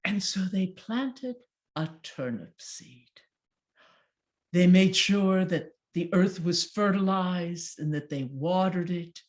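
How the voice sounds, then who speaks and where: A woman tells a folk tale at an unhurried pace, letting each line breathe. Her pitch swings widely as she acts out the moments. She slips into character voices and grunts of effort as the story needs them. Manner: animated, acting out voices and effort sounds. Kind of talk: performed folk tale telling.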